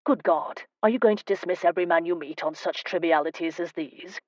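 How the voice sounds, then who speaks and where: A woman voicing a proper gentleman diplomat. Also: lowish voice, brisk, no echo, highs cut off, natural voice. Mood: reasoning. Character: proper, earnest male diplomat. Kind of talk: audiobook character voice.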